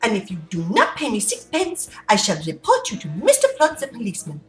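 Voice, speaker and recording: A woman's voice: a little high, huge pitch swings, brisk. A woman voicing a grumpy, demanding cat with a mock French accent, in a stiff, clipped way. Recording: roomy room, distant mic, faint music.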